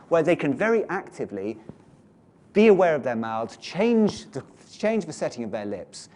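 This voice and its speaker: Male pronunciation teacher, explanatory lecture, dark warm voice. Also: on the high side. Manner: explanatory, demonstrates sounds aloud.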